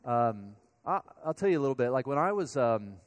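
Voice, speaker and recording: A pastor from Colorado giving a sermon, speaking to the congregation in a conversational, storytelling way. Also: male voice, medium pitch, big pitch swings, fairly quick. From Colorado, USA.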